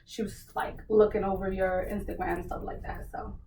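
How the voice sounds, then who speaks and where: A woman's voice: mid-range voice, fairly quick, gravelly. A young woman from New Jersey, a podcast guest, telling a personal story in casual chat and acting out the dialogue. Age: young adult. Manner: animated, acts out quoted dialogue. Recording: roomy, distant mic, faint background noise.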